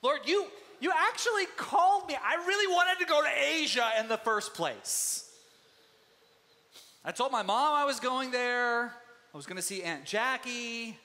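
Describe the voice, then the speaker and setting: A man's voice: very high voice, expressive, unhurried, bright, forceful tone, pitched above the performer's own voice, heavily acted. A man voicing an exasperated male apostle who complains to God in a whiny, pleading, comic way. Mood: complaining. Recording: long hall reverb.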